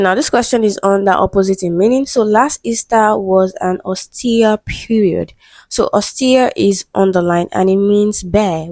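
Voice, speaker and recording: An English exam tutor works through answers step by step, her medium-pitched voice warm and creaky with no echo. She's methodical, often checking in with "right?" and "okay."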